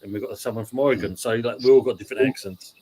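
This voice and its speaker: A man's voice: mid-range voice, very fast, mellow, breathy edge. A man with a Cockney accent hosting a casual football podcast, bantering and reading out viewer comments. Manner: banter, reads out chat comments. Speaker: podcast host.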